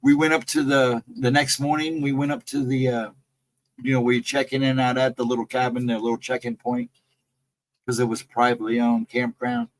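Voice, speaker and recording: A man's voice: medium pitch, moderate pace, rough recording. A man casually telling a ghost story from a camping trip, rambling loosely and repeating himself as he goes. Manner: rambling, loose, repeats "I mean" and "you know". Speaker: guest storyteller on a live stream.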